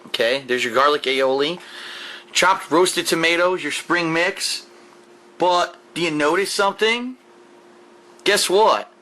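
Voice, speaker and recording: Brief: male food vlogger, bright forceful voice, a bit high, enthusiastic and repetitive, home camera mic. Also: slow, pauses often. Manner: enthusiastic, emphatic, repeats himself. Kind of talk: casual food review to camera. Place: at home, indoors. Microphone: camera mic, set down while eating.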